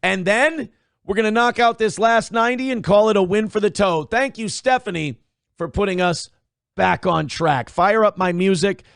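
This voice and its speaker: A man hosting a casual livestream, reading out donations and chatting with viewers. His voice swings from hyped shouting to low muttering. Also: moderate pace, vocal fry, no echo, studio quality. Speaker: livestream host.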